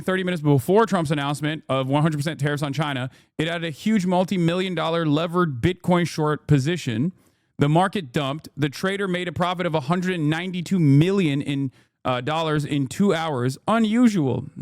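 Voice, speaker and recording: A man's voice: on the high side, dry recording, clean studio sound. A man giving casual live-stream commentary, ranting sarcastically and swearing as he reacts to the news. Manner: ranting, sarcastic, profane, repeats phrases.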